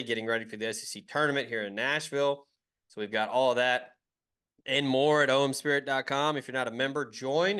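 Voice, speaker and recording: A man hosts a sports podcast and chats in an easygoing, casual way. His voice is bright and forceful. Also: medium pitch, smooth. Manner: relaxed, easygoing sign-off patter. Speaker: podcast host.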